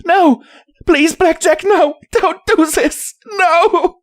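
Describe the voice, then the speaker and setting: A man's voice: a little fast, darkish tone, husky, exaggerated voice. A man voicing a desperate young filly who cries and pleads, as an audiobook character. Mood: screaming. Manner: high wailing pleas. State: crying.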